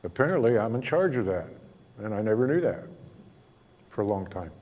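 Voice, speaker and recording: A man giving a spiritual talk, telling stories in a gentle, humorous way and chuckling often. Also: on the low side, very animated, fairly quick. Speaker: spiritual teacher. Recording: long hall reverb.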